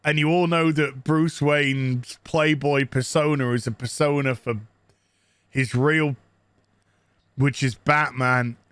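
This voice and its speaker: Crude sarcastic guy ranting about a tv episode, bright voice, talks slow. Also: mid-range voice, steady tone, clear, resonant tone, no room sound. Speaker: TV show reviewer.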